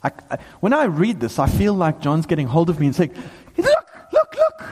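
A man preaching to a handful of people in a hall, his high voice leaping up and down as he presses his point. A long reverb hangs behind every phrase. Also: quick pace, slight background noise. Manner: animated, bursts into excited shouts and laughs. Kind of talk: sermon. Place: small hall with a few people.

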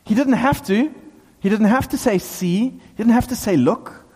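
A man preaching a sermon to a small gathering, talking with lively excitement and bursts of emphasis. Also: high-pitched, moderate pace, husky. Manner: animated, bursts into excited shouts and laughs. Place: small hall with a few people. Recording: long hall reverb.

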